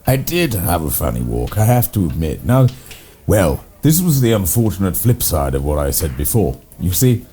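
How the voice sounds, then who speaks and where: English man, low and mellow, lively delivery, deadpan rambling raconteur for comedy chat. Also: normal speed. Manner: rambling, deadpan tall tales told with relish. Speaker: co-host playing a gentleman's club character.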